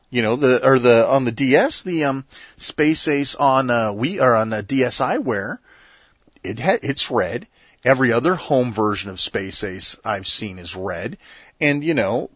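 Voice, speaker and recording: A middle-aged man hosting a show, telling a story in a casual, animated, ranting way. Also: medium pitch, no echo. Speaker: podcast host. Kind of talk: casual monologue. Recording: dull lo-fi sound.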